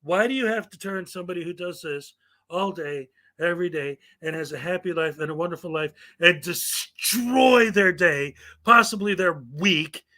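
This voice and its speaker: A man's voice: sits high, moderate pace, bright, forceful tone. A man hosting a commentary show, ranting bluntly and with profanity. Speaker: commentary channel host.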